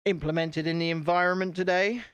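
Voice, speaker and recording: A man's voice: sits high, steady tone, fairly quick, fairly bright tone, clear, resonant tone, no room sound, dull audio. A British man hosting a casual live stream, chatting to viewers while he builds and poking fun at himself. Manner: chatty, self-deprecating, talks to viewers.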